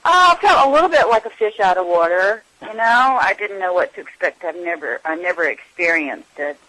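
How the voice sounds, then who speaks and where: A woman's voice: lowish voice, animated, a little fast, pushed and bright, rough recording. An actress being interviewed, reminiscing about her films and often trailing off as she searches for memories.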